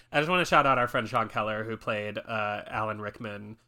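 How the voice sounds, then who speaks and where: A man hosting a casual film podcast, his voice bright and forward. He rambles through facts with plenty of fillers and breaks into laughter often. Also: lowish voice, normal speed. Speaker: podcast host. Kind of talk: casual film-discussion chat.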